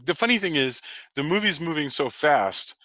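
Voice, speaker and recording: A man's voice: on the high side, animated, moderate pace, bright, forceful tone, no room sound. A man co-hosting a podcast, chatting casually about a film and often restarting his sentences. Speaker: podcast co-host. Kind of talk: casual film review chat.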